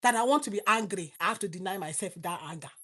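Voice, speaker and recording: This middle-aged Nigerian woman talks fast as she delivers an impassioned sermon online, moving from loud exclamations to quiet asides.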